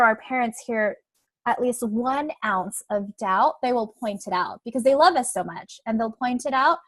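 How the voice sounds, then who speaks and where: A woman's voice: fairly high pitch, dry recording. A young adult woman coach giving a webinar talk in a conversational way, often tagging her points with "right?" and "like". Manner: conversational, frequent "right?" and "like" tags.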